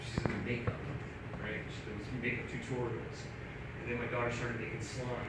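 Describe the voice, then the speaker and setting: A middle-aged man doing a live stand-up set, telling animated, profane stories and acting out quotes. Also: medium pitch, normal speed. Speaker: stand-up comedian. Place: live theater stage. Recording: echoey hall from far off, audible audience noise.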